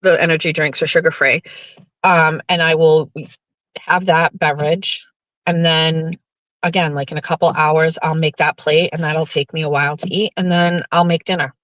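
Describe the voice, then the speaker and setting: A talkative woman, rambling freely and swearing often as she hosts her own show. Her voice sits on the lower side and the sound is dry and close, with no room around it. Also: flat delivery, normal speed, a bit bright, no room sound. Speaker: host. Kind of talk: casual chat reading viewer comments.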